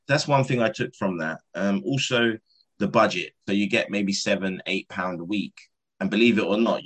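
A man's voice: low voice, fairly bright tone, slightly rough, rough recording. A man, telling his own life story candidly and acting out the dialogue he quotes. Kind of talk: personal storytelling talk.

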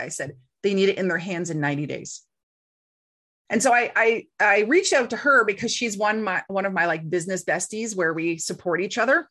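A woman's voice: on the high side, a little fast. A middle-aged woman, a guest in an interview, telling a story in a casual way and acting out the voices she quotes. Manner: animated, acts out quoted voices.

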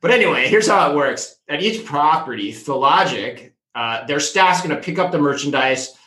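A man co-hosting a retail news show, animated and jokey, chatting casually in bursts. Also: fairly high pitch, normal speed, echoey room, poor audio.

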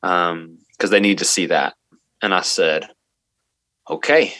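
A man's voice: low voice, steady tone, measured pace, sharp tone, dry recording. A man, a middle school teacher, earnestly telling a personal story in an interview and quoting what he and others said.

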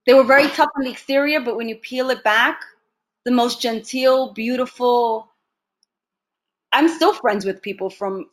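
Brief: a lively actress as an interview guest, somewhat high voice, relating stories with laughs. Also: female voice. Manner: animated storyteller, laughs often. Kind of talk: casual interview conversation.

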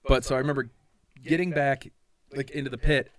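A man telling a story in a casual, profane chat, acting out quotes with lively energy. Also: medium pitch, brisk.

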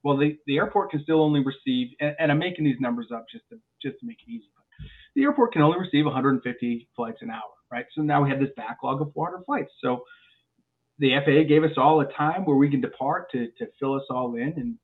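A male airline pilot, a guest on a podcast, telling stories in a lively way and often restarting his words. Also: fairly high pitch, fast. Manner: animated storyteller with frequent restarts and repeated words. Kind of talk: podcast interview chat. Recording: phone-like narrow sound.

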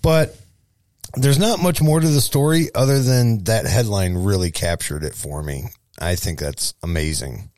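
A man with a St. Louis accent co-hosting a casual local news chat, joking and lively with playful asides. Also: fairly low pitch, a little slow, no echo. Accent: St. Louis, Missouri. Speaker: show co-host.

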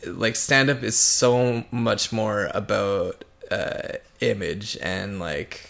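A man's voice: fairly low pitch, fairly even intonation, slow, creaky, fairly bright tone. A man in his thirties co-hosting a podcast, rambling in casual chat with dry joking asides. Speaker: podcast co-host.

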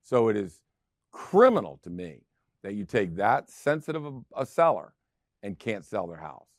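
A man's voice: fairly low pitch, very animated, moderate pace, dry recording, studio quality. A middle-aged man hosting a real estate show, talking casually and driving his points home with emphatic repetition. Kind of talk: casual talk show monologue.

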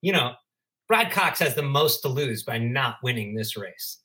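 A man's voice: medium pitch, lively intonation, normal speed, pushed and bright, a little hiss or hum. A man co-hosting a podcast in casual chat, chatty and prone to stumbling restarts. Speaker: podcast co-host.

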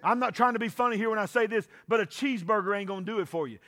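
A man preaching a sermon, often shouting and calling for responses from the congregation. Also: high voice, rapid-fire, faint music behind. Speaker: pastor.

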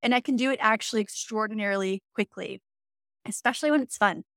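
A woman's voice: medium pitch, fast, a bit bright, no room sound, studio quality. A woman in her thirties, a mindset coach, talking in an upbeat, encouraging way as a guest in a casual interview. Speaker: mindset coach and social media influencer; podcast guest.

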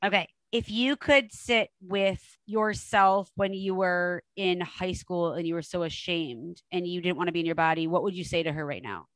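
A woman's voice: lowish voice, moderate pace, hardly any pauses, no echo, rough recording. A middle-aged woman hosting a podcast interview, speaking directly and emphatically, encouraging her guest. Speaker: podcast host. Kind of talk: interview conversation.

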